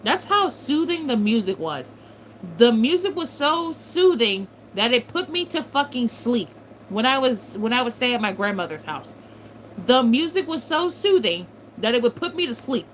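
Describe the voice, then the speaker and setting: A woman's voice: fairly high pitch, big pitch swings, moderate pace, slight background noise, poor audio. A woman in her twenties chatting casually on a livestream, answering chat and swearing freely as she reminisces. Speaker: streamer reading chat.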